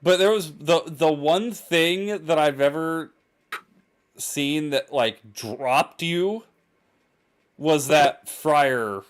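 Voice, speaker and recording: A man's voice: on the high side, very slow. A young man co-hosting a podcast, chatting casually with frequent restarts and easy laughter. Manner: hesitant, restarts often, laughs easily. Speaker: podcast co-host. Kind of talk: casual chat.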